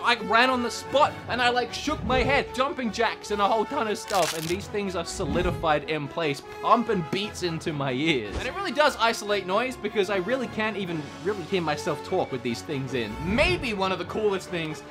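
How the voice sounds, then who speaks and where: A man's voice: high voice, expressive, normal speed, hardly any pauses, music in the background. A young man hosting a casual vlog, chatty and enthusiastic, laughing often as he talks. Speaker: YouTube game collector host.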